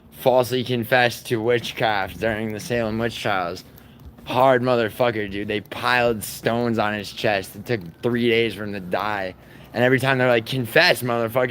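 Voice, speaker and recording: A man's voice: mid-range voice, a little hiss or hum. A man hosting a livestream, talking in a crude, profane and rambling way, mocking his chat. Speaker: livestream host.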